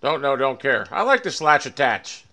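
A man's voice: mid-range voice, sing-song, moderate pace, bright, forceful tone. A man streaming a shooter game, ranting angrily and swearing as he plays. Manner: angry, ranting, swearing, muttering. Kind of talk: live game streaming commentary.

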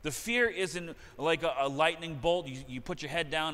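This pastor, a middle-aged man, sounds fairly high-pitched, animated, and a bit bright as he preaches at a moderate pace. He delivers his sermon earnestly, driving home key phrases through repetition, and the church sanctuary adds a long reverb.

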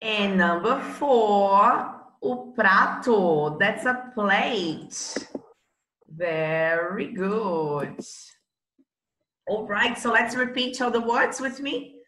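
Slow, bright-voiced woman teaching. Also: medium pitch, lively intonation, reverberant, low-quality recording. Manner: slow, encouraging drilling of words. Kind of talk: bilingual classroom lesson.

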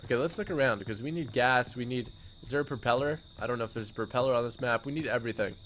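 A young man streaming a game, chatting casually and excitably, joking and repeating words in bursts. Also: mid-range voice, racing, slight background noise. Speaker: gaming streamer. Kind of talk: casual live-stream commentary.

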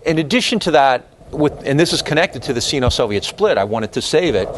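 A man teaches a history class, talking loosely and digressing with plenty of fillers. His pitch moves a lot as he lectures. Faint room noise sits behind him. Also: a little fast. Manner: animated, digressive, many fillers and asides.

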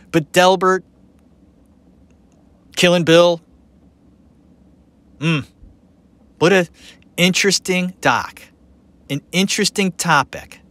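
A man's voice: sits high, dry recording. A man hosting a podcast, talking through a documentary in a casual, opinionated and rambling way. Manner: animated, opinionated, rambling with fillers. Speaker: podcast host. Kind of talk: casual commentary.

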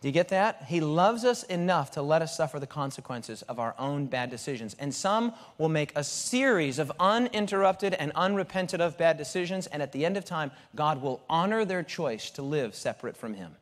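High-voiced man preaching a sermon. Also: moderate pace, hardly any pauses. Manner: animated preaching with rhetorical questions and frequent restarts. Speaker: pastor. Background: audience present.

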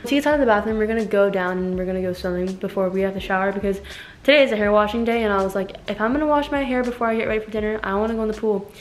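A young woman chatting casually to camera as a vlogger. She is excitable, says "like" a lot and swears casually. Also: mid-range voice, racing, a little hiss or hum. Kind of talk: casual vlog chat to camera. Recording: roomy echo with faint music behind.

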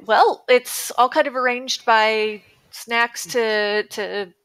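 A woman's voice: fairly high pitch, fairly even intonation, slow, a bit bright, clean tone. A woman hosting a live podcast stream, giggly and cheering her co-readers on. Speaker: podcast host. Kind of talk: casual livestream chat.

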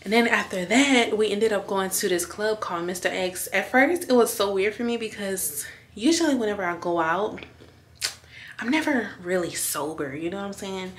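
A woman's voice: mid-range voice, normal speed. A young woman talking casually to her viewers in a vlog, calling them y'all. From Houston, USA. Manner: chatty, addresses viewers as y'all. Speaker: vlogger. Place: busy bar or restaurant. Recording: crowd chatter and noise behind.

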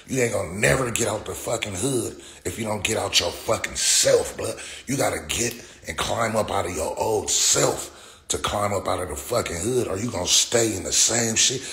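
A lowish, slightly bright voice belongs to a man in his forties who is ranting on his livestream, cursing and talking back to chat comments. The recording has an echoey room and faint background noise.

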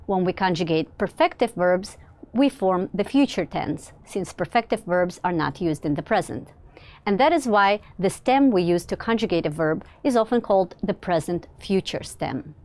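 A woman teacher explaining verb grammar in a clear, measured way, with occasional fillers and slower speech for example words. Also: mid-range voice, darkish tone. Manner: slows down to model example words. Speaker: language teacher. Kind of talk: recorded grammar lesson.

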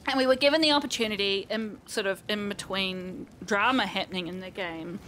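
A woman co-hosting a let's play, chatting casually and excitedly while playing. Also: mid-range voice, brisk, slight background noise. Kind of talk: casual gameplay chat.

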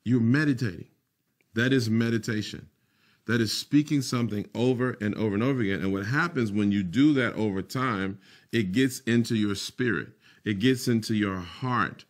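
Male pastor preaching, slow emphatic lines, repeats stuff for emphasis. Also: on the low side. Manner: preaching with slow emphatic phrasing and muttered asides. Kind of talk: sermon.

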